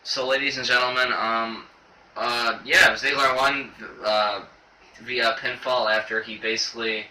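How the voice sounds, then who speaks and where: A young man talks through a wrestling show in a halting, filler-heavy ramble, choked up as he goes. His voice is bright and tense. He is recorded on a camera mic set back in an echoey room, with faint noise behind him. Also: medium pitch, steady tone, far from the mic. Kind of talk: casual video review.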